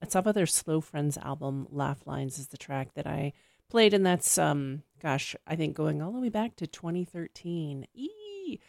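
A woman's voice: low-pitched, moderate pace, gravelly, a little mellow, no echo, studio quality. A woman hosting a casual radio music show, chatting between tracks with fillers and self-corrections.

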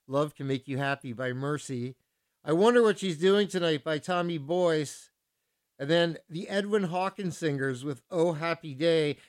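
A man hosting a music radio show, talking casually and then ranting with indignation. His voice sits a little high for a man. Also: smooth.

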